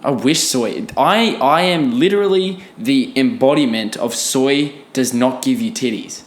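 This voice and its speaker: A man's voice: mid-range voice, measured pace. Ranting, profane young man in echoey room. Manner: ranting, profane, self-deprecating. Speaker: podcast host. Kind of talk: solo comedic podcast rant.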